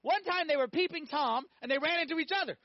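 A man's voice: very high voice, quick pace, no echo, highs cut off. A man preaching a sermon, telling stories animatedly, acting out voices and asking the audience questions.

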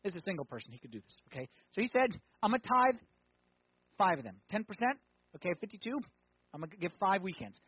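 A man preaching a conversational sermon, asking the crowd questions and swinging from loud emphatic points to quiet ones. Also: high-pitched, big pitch swings, fast, breathy edge, dry recording, muffled recording. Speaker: pastor.

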